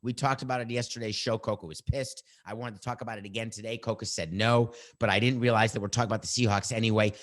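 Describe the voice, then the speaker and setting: A middle-aged man hosting a sports podcast, giving his opinions in a combative, animated way and bantering with his producer. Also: medium pitch, fast, hardly any pauses.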